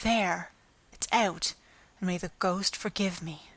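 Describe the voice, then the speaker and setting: A woman's voice: fairly even intonation, unhurried, fairly bright tone, dry recording. A woman reading an audiobook, voicing an enraged, indignant old woman who yelps her protests. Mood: hushed. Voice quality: shrill, yelping.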